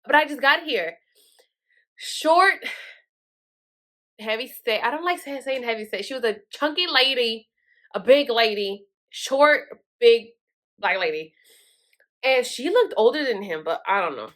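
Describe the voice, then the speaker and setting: A woman's voice: on the high side, animated, unhurried, long pauses, fairly bright tone. A woman telling a story in a casual, chatty way, swearing often and filling her speech with "like". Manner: chatty, profane, full of "like" fillers. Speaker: vlogger.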